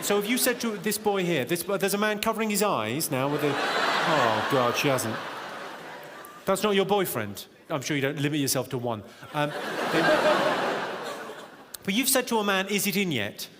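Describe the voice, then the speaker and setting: A man doing live stand-up comedy in a large auditorium, deadpan and teasing the crowd. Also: on the high side, moderate pace, pauses often, heavy background noise. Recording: echoey live hall, loud audience laughter. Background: audience laughter.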